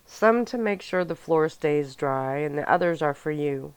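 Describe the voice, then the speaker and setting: Lady reading a soft caring young guy, low and slow, asmr storybook. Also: clean tone, dry recording. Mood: gentle. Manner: calm, caring, quietly serious. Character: gentle protective young man, werewolf.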